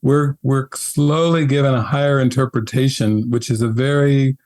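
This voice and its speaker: A man and spiritual teacher telling his story in an interview, earnest and animated, often laughing. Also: mid-range voice, normal speed.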